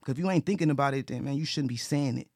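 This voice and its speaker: Very fast and darkish in tone, this man's mid-range voice comes through studio-quality with no echo. His casual talk is sincere yet repetitive, with frequent restarts and profanity.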